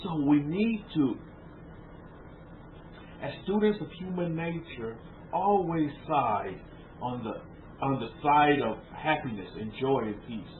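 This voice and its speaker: Man, fairly high voice, informal rabbi's sermon to a small room, keeps checking that listeners follow, phone-thin sound with faint hiss. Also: slow pace, long pauses. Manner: informal, rhetorical questions to listeners, repeats words. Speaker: rabbi teaching a congregation. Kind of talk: conversational sermon lecture. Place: room with a small group of about twelve. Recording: tinny phone-like lo-fi with faint noise.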